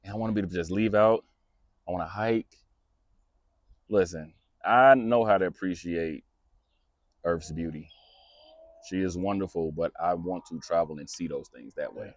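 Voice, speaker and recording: Low-voiced male podcast host, loose and rambling, dry studio sound. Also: moderate pace, long pauses, no room sound. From United States. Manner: rambling, many restarts, laughs at own jokes. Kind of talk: casual chat.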